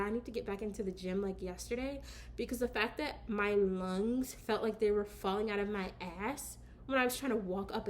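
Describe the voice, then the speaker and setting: A woman's voice: medium pitch, a little hiss or hum. Chatty woman vlogger telling a story. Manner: chatty, slangy, animated storytelling with asides. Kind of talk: casual story time chat.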